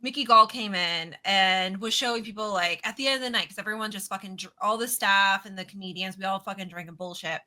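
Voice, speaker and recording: Female co-host, casual chat; loose and profane storyteller, very bright tone. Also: medium pitch, a little fast, hardly any pauses. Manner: loose, profane anecdote telling.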